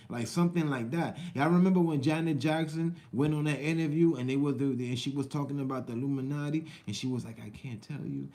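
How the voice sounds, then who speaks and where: A man's voice: medium pitch, lively intonation, a little fast, few pauses, mellow. A man hosting his own channel, chatting casually and rambling straight to his viewers, repeating himself often. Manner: rambling, repetitive, talks to viewers directly. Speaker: vlogger and channel host. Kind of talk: casual live-stream chat.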